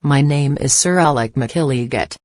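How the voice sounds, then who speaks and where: A man's voice: mid-range voice, moderate pace, no echo, lightly acted. A man reading an audiobook, voicing a pompous older Irish knight with an Irish accent who talks in blustering, effusive courtesies.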